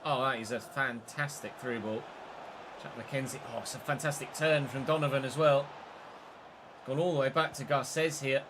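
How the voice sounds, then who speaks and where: A man's voice: mid-range voice, steady tone, normal speed, background noise. A man giving live, mock match commentary while playing a football game, swearing when frustrated.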